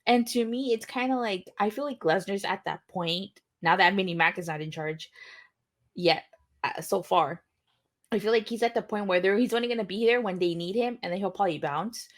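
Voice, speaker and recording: A woman's voice: mid-range voice, brisk. A woman guest on a casual podcast, chatting and hedging as she thinks aloud. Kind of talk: casual chat.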